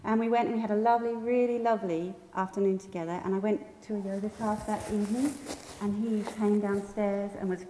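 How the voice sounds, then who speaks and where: Woman telling a lively story, echoey hall. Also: medium pitch, fast, hardly any pauses. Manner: lively storyteller who acts out quotes and laughs often. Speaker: staff trainer. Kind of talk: storytelling anecdote in a training talk. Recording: echoey hall with faint noise.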